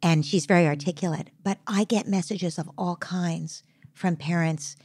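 A woman guest speaking in a podcast interview in a slow, reflective and halting way. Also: lowish voice, darkish tone, husky, no room sound. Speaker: guest, parenting psychologist. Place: Brooklyn brownstone.

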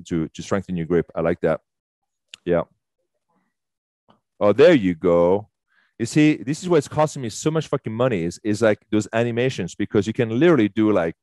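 Low-voiced male fitness instructor, dry close sound, chatty, enthusiastic, casual swearing. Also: darkish tone, no echo. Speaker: fitness instructor leading a workshop. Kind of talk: casual live workshop instruction. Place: fitness studio.

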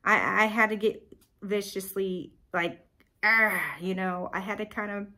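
A woman podcast host telling a personal story in a chatty, animated way, with sighs and filler words. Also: mid-range voice, moderate pace.

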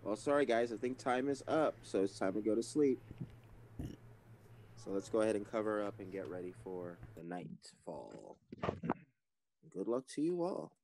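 A man hosting and narrating an online werewolf game over voice chat, announcing each phase calmly. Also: on the low side, moderate pace, pauses often, slight background noise. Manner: calm, procedural announcing. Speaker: game master and stream host.

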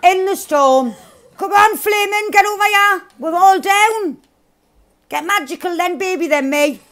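Excitable sweary woman gamer. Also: very high voice, measured pace. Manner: loud, swearing, excitable, laughs often. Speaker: gaming streamer. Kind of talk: live gameplay commentary.

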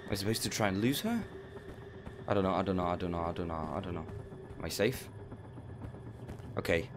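A man's voice: sits low, expressive, a little fast, noisy background. A frightened man, commentating as he plays a horror game, jittery and repeating himself when scared. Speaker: gamer playing a horror game. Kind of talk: nervous horror let's play commentary.

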